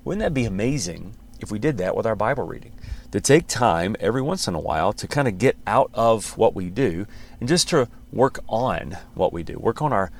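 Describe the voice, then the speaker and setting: A man, a pastor, hosting a podcast and teaching in a relaxed, conversational way with frequent restarts and light chuckles. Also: fairly low pitch, normal speed, gravelly.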